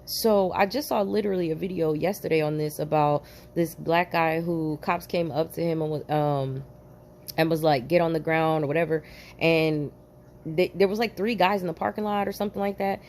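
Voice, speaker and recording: Animated, profane woman telling a story. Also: sits low, moderate pace, slight background noise. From New Jersey. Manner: animated, profane, emphatic, laughs in bursts. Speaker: vlogger, former police officer. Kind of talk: storytelling rant to camera.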